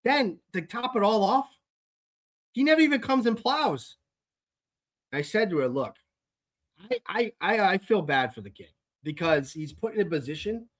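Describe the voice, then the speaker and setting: A man's voice: high-pitched, sing-song, moderate pace. A man hosting his own show, telling a long story in an exasperated, profane rant and often repeating words as he talks. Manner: exasperated, heavy swearing, repeats himself. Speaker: podcast host. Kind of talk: casual ranting monologue.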